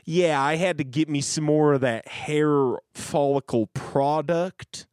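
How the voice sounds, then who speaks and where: A man putting on the voice of a country hick bragging about his hair product, in a slow, stretched drawl. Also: a little high, darkish tone, clean tone, no echo, studio quality, voice pushed up.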